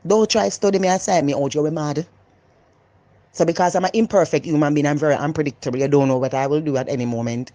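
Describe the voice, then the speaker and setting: Jamaican woman vlogger, loud, animated and emphatic, dry close sound. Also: deep voice, quick pace, dry recording. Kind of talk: casual opinionated monologue.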